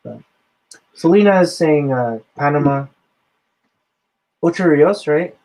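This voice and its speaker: Relaxed man hosting a casual chat. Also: a little high, slow pace, poor audio. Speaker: host.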